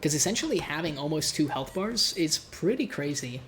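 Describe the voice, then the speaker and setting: A man's voice: fairly high pitch, animated, moderate pace, a bit bright, a little hiss or hum. A male streamer with a nasal, congested voice, casually rambling and joking at himself while commentating a live game. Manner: casual, rambling, self-mocking. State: congested, coughing.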